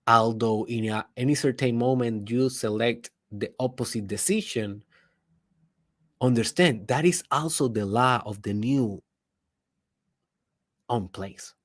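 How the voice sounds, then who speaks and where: A man with a voice of ordinary middle pitch delivers a motivational monologue as a podcast host. He is emphatic, jumping from loud bursts to hushed asides, and keeps asking the listener rhetorical questions. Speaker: podcast host, personal development speaker.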